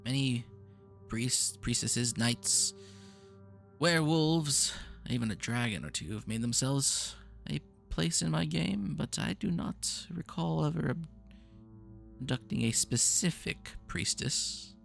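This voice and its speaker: A man's voice: mid-range voice, slow, gravelly, a bit bright, faint music behind. A man playing a pompous grandiose old mage. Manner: pompous, theatrical, touchy. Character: grandiose eccentric male mage, game's creator.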